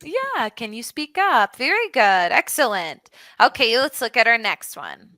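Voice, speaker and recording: Woman English tutor on a video call: bright, slightly high voice, patient, explains through examples, lots of "like". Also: very animated, measured pace, no room sound, rough recording. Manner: patient, explains with many examples and fillers like "like" and "mm-hmm". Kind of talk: online one-to-one English lesson.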